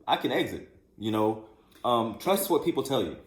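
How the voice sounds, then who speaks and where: A man co-hosting a relationship podcast, speaking in a reflective, measured way with many fillers. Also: medium pitch, very animated. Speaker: podcast co-host. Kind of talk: casual chat about relationships. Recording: echoey room.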